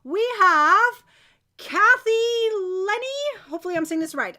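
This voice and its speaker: Cheery high-voiced woman running a live giveaway stream, lots of woohoos. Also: very noisy. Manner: bubbly, cheering, quick bursts of excitement. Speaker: crochet channel host running a giveaway.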